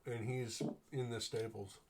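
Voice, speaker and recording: A man running a tabletop game, narrating a market scene and calling for dice rolls. He talks in a relaxed, unhurried way and often trails into fillers. His pitch sits in the middle of the usual male range. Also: crowd noise. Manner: relaxed, hesitant with frequent fillers. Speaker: game master.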